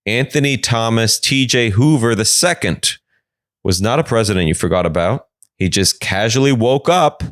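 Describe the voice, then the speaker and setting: A man's voice: fairly low pitch, dry recording, clean studio sound. A man hosting a podcast and recapping odd news stories with jokes. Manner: jokey, animated. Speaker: podcast host.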